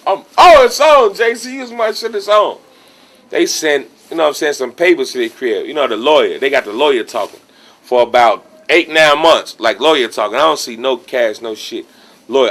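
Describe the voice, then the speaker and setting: A man with a Chicago accent telling a story in a casual interview, acting out what others said. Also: mid-range voice. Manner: animated, acts out quotes of others. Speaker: rapper telling his story.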